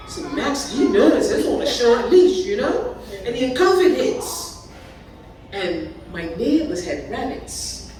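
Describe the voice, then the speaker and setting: A woman's voice: on the high side, slight background noise. A Bermudian woman in her sixties doing stand-up, telling chatty stories at a live party and breaking into laughter. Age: 60s. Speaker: stand-up comedian. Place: party venue with a live audience. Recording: echoey room, mic from far off, audience laughter.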